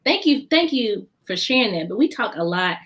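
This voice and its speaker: A woman's voice: mid-range voice, sing-song, normal speed, fairly bright tone. A woman hosting a live interview, chatty and enthusiastic, who laughs easily. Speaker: host. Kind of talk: casual interview chat.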